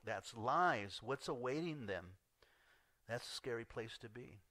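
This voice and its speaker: A male pastor preaching a sermon in an earnest way, swinging between loud emphasis and hushed asides. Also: mid-range voice, lively intonation, measured pace, dry recording.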